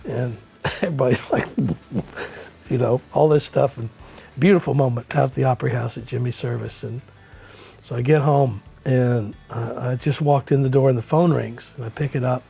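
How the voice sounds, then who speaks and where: A middle-aged man, a musician guest, telling a rambling story in a relaxed way, with many fillers and acted-out quotes. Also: mid-range voice, moderate pace, gravelly, breathy edge. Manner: acts out quoted lines in the story. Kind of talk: casual anecdotal storytelling.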